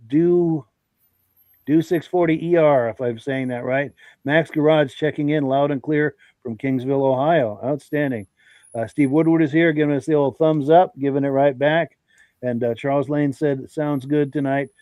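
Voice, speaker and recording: A man's voice: mid-range voice, fairly even intonation, normal speed, mellow, no room sound, poor audio. A congested man hosting a live podcast, chatting in a friendly, folksy way and greeting viewers by name as he reads their comments. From Vermont. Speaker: podcast host.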